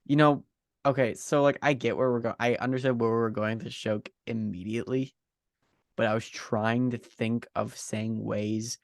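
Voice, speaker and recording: A man's voice: medium pitch, fairly even intonation, dry recording. A man from the United States co-hosting a casual podcast chat, often restarting his sentences and teasing dryly. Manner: halting restarts, dry teasing. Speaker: podcast co-host.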